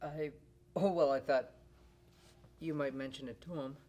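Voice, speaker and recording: A man's voice: on the high side, steady tone, measured pace, a little mellow, dull audio. A young man playing an awkward visiting brother. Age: young adult. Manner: hesitant, stammering. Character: college-age man visiting his sister, awkward. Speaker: actor. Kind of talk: student stage play.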